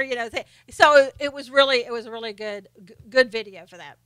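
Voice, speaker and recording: A woman's voice: high-pitched, fairly even intonation, brisk, hardly any pauses, bright, forceful tone, clean tone, dry recording. A woman hosting a casual live stream, chatting and laughing as she reads viewer comments aloud. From Southern United States.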